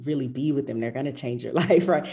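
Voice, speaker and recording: A middle-aged woman with a low, mellow voice, telling stories from her yoga practice. She speaks in a reflective, conversational way. She mimics her own past reactions as she goes. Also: fast talker. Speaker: yoga teacher. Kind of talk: casual conversation.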